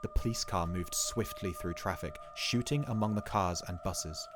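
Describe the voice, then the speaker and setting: A man narrating a short story in a measured, dramatic reading, over background music. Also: low voice.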